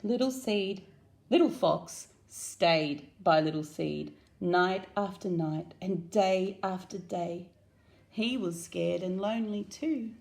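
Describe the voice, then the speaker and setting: A woman with an Australian accent reading a picture book aloud to children, animated and asking them questions. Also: fairly low pitch, slow pace, gravelly. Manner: animated, asks listeners questions. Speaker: children's story reader.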